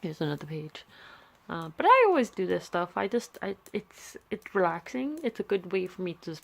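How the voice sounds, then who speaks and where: Holding a handheld camera, a young woman who makes art vlogs rambles in casual chat, full of fillers and restarts. She speaks at normal speed in a low, gravelly voice with big pitch swings.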